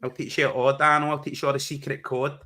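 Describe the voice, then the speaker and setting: A man's voice: medium pitch, flat delivery, fast, bright, forceful tone. A man teasing and laughing often in casual banter on a live stream, over a video call. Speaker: co-host.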